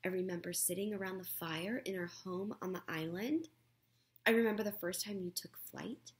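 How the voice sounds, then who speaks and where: A woman voicing a gentle, patient robot mother who speaks calmly and earnestly in a storybook reading. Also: fairly low pitch, normal speed, close to an everyday voice. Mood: tender.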